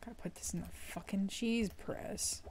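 A woman's voice: mid-range voice, steady tone, normal speed, darkish tone, slight background noise. A woman giving let's play commentary at her computer, blunt and exasperated, swearing freely. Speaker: gamer.

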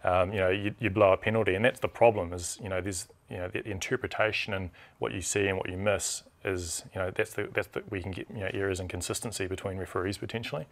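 A man with a New Zealand accent, a rugby referee chatting as a studio guest in a quick, animated way with lots of restarts. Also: low voice. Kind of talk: casual chat.

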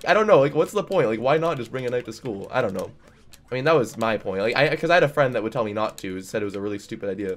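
A man's voice: mid-range voice, expressive, very fast. A young man, a game streamer, rambling through stories in casual chat while he plays, full of "like" and "dude".

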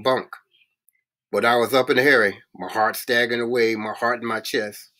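A man reading a novel aloud in a halting way, often stumbling and restarting words. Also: medium pitch, fairly bright tone. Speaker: reader.

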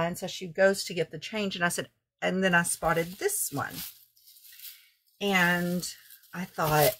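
A woman talks through her thrift finds in a relaxed, rambling way, stopping to correct herself as she goes. Her voice is low and husky, with a gravelly fry at the ends of her phrases. It sounds like casual show-and-tell for her channel. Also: moderate pace. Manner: chatty, rambling, self-correcting. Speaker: craft vlogger.

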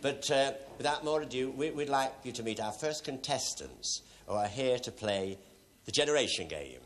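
A man's voice: mid-range voice, lively intonation, normal speed, fairly bright tone. A middle-aged man hosting a TV game show, chatting with contestants in camp, teasing banter full of asides and giggles. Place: TV studio with live audience. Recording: broadcast TV studio with audience noise.

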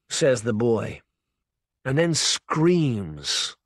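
A man narrating a short story for an audiobook in a measured, intense second-person voice. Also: mid-range voice, big pitch swings, no echo, studio quality. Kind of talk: scripted narration.

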